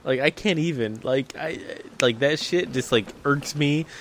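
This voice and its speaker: A man co-hosting a podcast, telling an animated story full of "I was like" and acted-out quotes. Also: on the high side, a little slow, a little hiss or hum. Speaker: podcast co-host. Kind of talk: casual storytelling chat.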